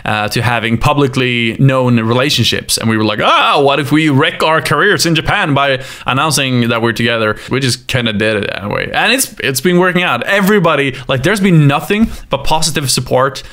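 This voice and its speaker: A man casually talking through his own past videos, animated and laughing often, openly emotional at times. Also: medium pitch, fairly quick, hardly any pauses. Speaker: YouTuber looking back on his videos. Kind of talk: casual commentary over his own clips. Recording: music bed under the voice. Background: his own music playing underneath.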